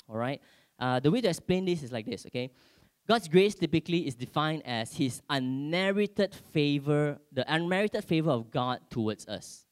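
A man in his thirties preaching a sermon to a congregation, conversational and checking in with "okay?" after many lines. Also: on the high side. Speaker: pastor.

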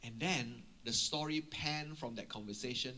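A man preaching a sermon, retelling a Bible story in an animated way and often checking in with his listeners. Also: mid-range voice, normal speed.

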